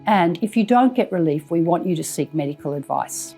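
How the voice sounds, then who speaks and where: Woman, health professional, measured instructional narration, slightly low pitch. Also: expressive, warm tone, faint music behind.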